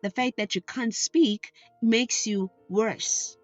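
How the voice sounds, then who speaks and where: A woman's voice: slow, no room sound, lo-fi sound, soft background music. A woman voicing a group of mocking small children who taunt a shy girl in a storybook tale. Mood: scornful. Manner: taunting, high-pitched, loud.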